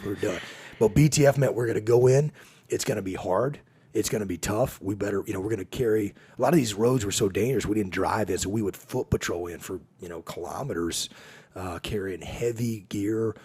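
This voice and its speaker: A man's voice: on the low side, breathy edge. A man telling stories in casual podcast conversation, acting out quotes with laughter along the way. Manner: animated storyteller, acts out quotes with laughs. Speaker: podcast guest.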